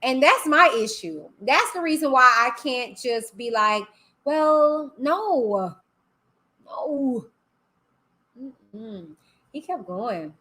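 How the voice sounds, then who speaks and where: A woman's voice: on the high side, lively intonation, unhurried, bright, forceful tone. A woman hosting a live stream, talking bluntly and animatedly in casual commentary. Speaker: livestream host.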